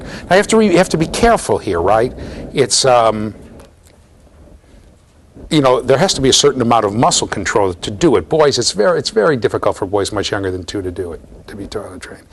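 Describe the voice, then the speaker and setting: A man giving a classroom lecture at a university, chatty and animated, asking the class questions and acting out little voices. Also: mid-range voice, normal speed, a little hiss or hum.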